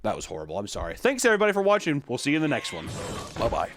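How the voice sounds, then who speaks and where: A young man hosting a comedic commentary, casual and animated, swearing freely. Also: mid-range voice, racing, heavy background noise. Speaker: host.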